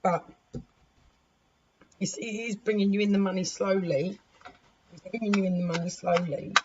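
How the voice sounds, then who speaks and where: A woman with a sore, hoarse throat gives a casual tarot reading, chatty and swearing lightly as she talks to her cards. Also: mid-range voice, fairly even intonation, normal speed. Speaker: tarot reader. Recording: muffled recording with clear background noise.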